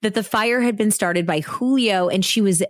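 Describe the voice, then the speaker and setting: A woman's voice: mid-range voice, normal speed, no echo, studio quality. A woman hosting a podcast, recounting a true crime story in a casual, chatty way full of "like" and "you know". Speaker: podcast host.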